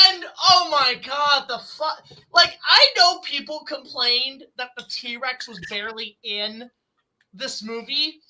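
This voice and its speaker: A woman reviewing a film in a casual, excitable chat, swearing now and then. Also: sits high, low-quality recording.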